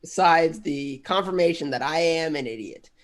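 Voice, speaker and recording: A man doing a self-deprecating stand-up bit at an open mic, telling a story in a deadpan way. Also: on the high side, normal speed. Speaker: stand-up comedian.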